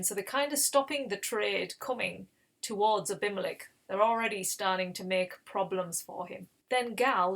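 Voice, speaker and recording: A woman's voice: medium pitch, a bit bright. A woman hosting a Bible reading channel, retelling scripture in a casual, conversational way with explanatory asides.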